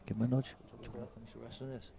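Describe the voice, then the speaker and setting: A man's voice: medium pitch, flat delivery, racing, vocal fry, mellow. A man with a British accent commentating live on a pool match, chatting and joking with his co-commentator. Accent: British English. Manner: chatty, jokey, laughs often. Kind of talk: live sports commentary, casual banter.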